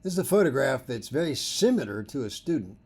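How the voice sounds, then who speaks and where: A man teaching photography in a presentation, telling stories with animated delivery and acting out the dialogue. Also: mid-range voice, fast talker, gravelly, slightly rough. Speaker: photography instructor.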